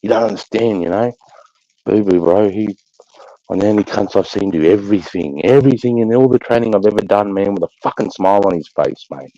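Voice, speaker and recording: A man tells crude, rambling stories in a casual chat and swears constantly. His voice is very low, dark and gravelly. The recording is muffled and dry. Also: fast, dry recording. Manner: crude, swearing, rambling anecdotes with frequent laughter.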